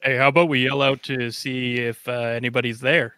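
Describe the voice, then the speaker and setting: A man's voice: mid-range voice, flat delivery, brisk, pushed and bright, clear, resonant tone, no room sound. A man playing a tabletop game, talking casually in an easygoing way. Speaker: player.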